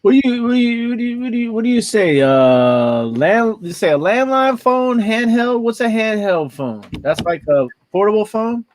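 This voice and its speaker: A man's voice: high voice, big pitch swings, normal speed, hardly any pauses, darkish tone, no room sound. A man co-hosting a reseller podcast, talking in a laid-back, rambling way that often repeats words. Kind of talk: casual chat.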